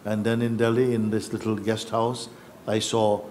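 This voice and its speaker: A man telling a personal story in a reflective, halting way, acting out what others said. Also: lowish voice, level tone, darkish tone, a little hiss or hum. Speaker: spiritual teacher.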